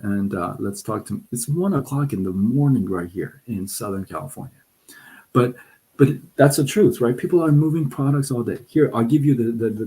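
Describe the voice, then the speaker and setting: A middle-aged man hosting a casual live stream, talking in an animated, excitable way with frequent restarts. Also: mid-range voice, rough recording. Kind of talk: casual livestream talk. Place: Southern California.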